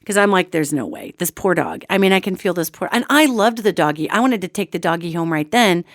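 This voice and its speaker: A woman's voice: medium pitch, fast talker, no echo, clean studio sound. A woman radio host telling a casual, chatty personal story and talking straight to her listeners. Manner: animated and chatty, addresses listeners as gang.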